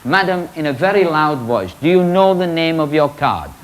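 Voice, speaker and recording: A man's voice: fairly high pitch, moderate pace, rough recording. A man hosting a magic show, bantering in comic stage patter before a live audience. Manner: teasing, animated showman banter. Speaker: magician host. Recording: studio audience laughter and noise.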